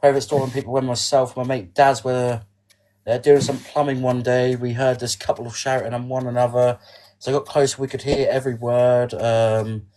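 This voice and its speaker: A man's voice: medium pitch, level tone, normal speed, mellow. A man with an ordinary, mid-range voice, guesting on a casual podcast. He speaks hesitantly, fills gaps with "um", and reads a list aloud with stiff, careful phrasing.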